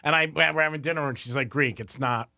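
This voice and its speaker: A man's voice: fairly high pitch, fast, vocal fry, sharp tone. A man co-hosting a radio show, blunt and grumbling with wisecracks. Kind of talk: casual radio banter.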